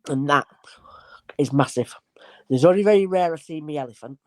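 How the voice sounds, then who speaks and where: A woman with a low voice speaks at a moderate pace on a dry recording. She's a spirit medium appearing as a guest, telling stories in a casual, animated conversation and acting out the voices in her anecdotes.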